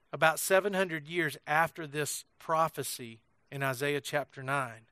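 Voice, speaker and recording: A man's voice: high voice, pushed and bright, no room sound, clean studio sound. A middle-aged man preaching a sermon, conversational and storytelling, asking the congregation questions and acting out quotes. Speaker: pastor.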